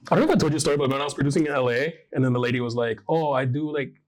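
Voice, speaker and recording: Fast-talking man telling stories. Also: medium pitch. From Hawaii. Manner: animated storytelling, many fillers. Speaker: fashion designer. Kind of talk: casual panel conversation.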